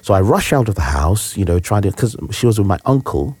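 Guy, really deep mellow voice, earnest and halting, dry close sound. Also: lively intonation, husky, no room sound. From Nigeria. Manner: earnest, reflective, halting with restarts. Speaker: interview guest. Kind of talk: personal storytelling.

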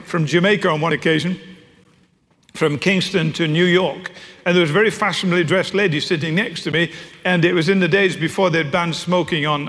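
A middle-aged man preaches with a wry, storytelling touch. His voice sits notably high for a man. A long reverb from a large hall trails each phrase. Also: a bit bright. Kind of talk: sermon. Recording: echoey hall.

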